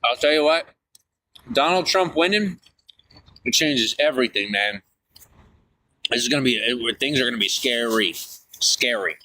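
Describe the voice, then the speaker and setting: A man rambling on a live stream, excitable, swinging from shouting to low grumbling. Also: normal speed, pauses often. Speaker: livestreamer.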